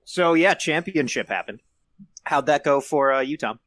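Playful male podcast host with a lively, up-and-down voice, casual and joking. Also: fairly high pitch, moderate pace.

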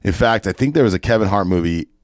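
A man's voice: fairly low pitch, animated, fast talker, no room sound, clean studio sound. A man hosting a podcast, ranting casually and emphatically with plenty of profanity. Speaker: podcast host. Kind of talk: casual opinionated podcast rant.

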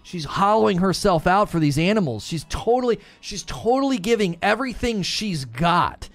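A man gives emphatic opinion commentary at a moderate pace, sounding animated. He repeats and restarts his points, growing more heated and rising in pitch as he argues.

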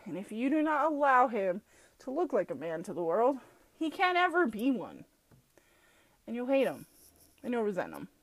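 A woman's voice: on the high side, moderate pace, long pauses. A woman hosting a solo podcast, ranting bluntly with heavy swearing, laughing often and mocking people as she tells stories. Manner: mocking, animated storytelling. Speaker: podcast host. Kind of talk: profane solo podcast rant.

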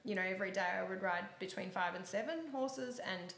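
A woman of middle pitch tells lively riding stories as an interview guest, laughing often. Her voice sits in a roomy, echoing space. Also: brisk. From Australia. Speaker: guest, horse eventer. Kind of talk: animated storytelling in an interview.

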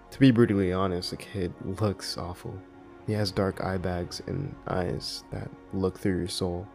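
A very deep, gravelly male voice narrates a horror story in a flat, measured tone. A faint ambient music bed runs quietly behind him.

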